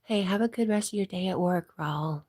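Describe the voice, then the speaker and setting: A congested woman hosting a casual livestream, chatting and reading viewer comments aloud, often dropping to a soft whisper. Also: fairly low pitch, a little fast. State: congested from allergies. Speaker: livestream host.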